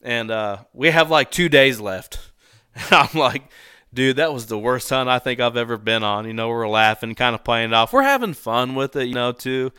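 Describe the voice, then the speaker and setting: A man casually telling a hunting story, animated and laughing often as he acts out the people in it. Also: medium pitch, normal speed, smooth, no room sound, clean studio sound.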